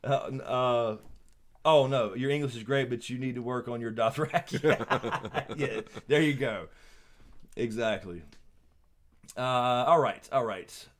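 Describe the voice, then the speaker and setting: A Southern American man hosting a relaxed livestream chat, rambling along in an easygoing middle-pitched voice. He laughs often and trips over fillers and restarts as he thanks his viewers. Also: takes it slowly. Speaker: YouTube channel host.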